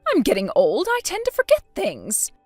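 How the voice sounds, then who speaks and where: A woman's voice: very high voice, wildly swooping pitch, moderate pace, darkish tone, no room sound, faint music behind, pitched above the performer's own voice, exaggerated voice. A woman voicing a scheming, spiteful elderly grandmother in a texting story, talking defensively and full of self-pity. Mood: indignant. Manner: defensive, indignant, self-pitying.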